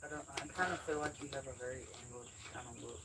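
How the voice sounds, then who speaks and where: Gravelly guy chiming in from off-mic, lots of noise behind him. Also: medium pitch, fast talker. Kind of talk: casual livestream chat.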